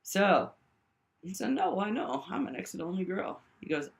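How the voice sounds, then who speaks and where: A woman telling a rambling personal story to the camera, swinging between high exclaims and low mutters and often checking in with the listener. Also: very animated, moderate pace, vocal fry. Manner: keeps checking in with the listener with "right?".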